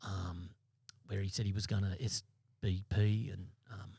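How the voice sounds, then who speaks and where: Aussie guy in his 50s, ex-cop guest, blunt and choppy, keeps restarting, fairly low voice, dead dry studio sound. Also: level tone, a little mellow, slightly rough, no echo. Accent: Australian. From Australia. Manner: blunt, halting, repeats and restarts words. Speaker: former police sergeant, podcast guest. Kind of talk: interview storytelling. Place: podcast studio.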